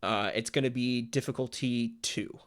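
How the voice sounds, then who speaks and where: A man narrating as game master of a tabletop game, relaxed and full of fillers as he sets the scene. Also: medium pitch, moderate pace.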